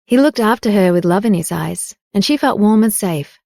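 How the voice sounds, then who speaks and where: A woman's voice: medium pitch, lively intonation, normal speed, vocal fry, darkish tone, no room sound. Woman narrating a romance audiobook. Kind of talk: scripted narration.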